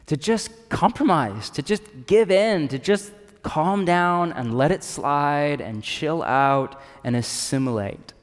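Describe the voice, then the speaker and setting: A pastor preaching a sermon in an animated, casual, joking way. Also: male voice, medium pitch, big-room sound. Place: church in a city.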